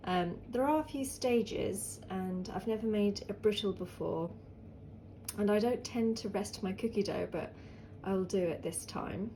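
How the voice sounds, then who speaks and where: A woman with a British accent chats her way through a baking vlog. Her voice is dark and mellow, roughened by hay fever, and she rambles comfortably between steps. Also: mid-range voice, a little hiss or hum. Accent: British English. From England. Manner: chatty and rambling, lots of ums. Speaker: home baker vlogger. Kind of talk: casual baking vlog chat.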